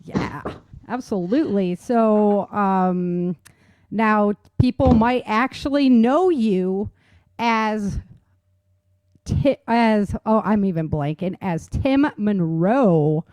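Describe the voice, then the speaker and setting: An upbeat, chatty woman hosts a podcast, her talk bright with laughter and quick rises in pitch. She is recorded close on a dry mic with almost no room sound. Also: no room sound. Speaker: podcast host. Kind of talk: casual chat.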